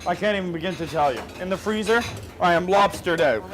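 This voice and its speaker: A man's voice: high voice, lively intonation, quick pace, music in the background. A man, a chef, talking bluntly at work and swearing freely. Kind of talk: kitchen chatter. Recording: kitchen noise behind the voice.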